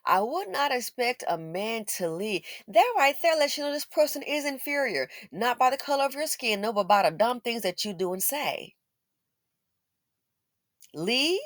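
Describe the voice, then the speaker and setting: A woman's voice: a little high, lively intonation, moderate pace, fairly bright tone, no room sound, clean studio sound. A woman giving blunt, sarcastic opinion commentary as a channel host, scolding and mocking as she talks.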